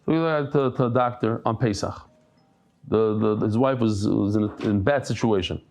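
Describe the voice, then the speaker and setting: A man's voice: on the low side, normal speed, gravelly, faint music behind. A man giving a daily Talmud class, telling stories and jokes with many restarts and Yiddish terms. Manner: animated storytelling with frequent restarts and Yiddish terms; humorous asides and jokes. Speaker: Talmud teacher.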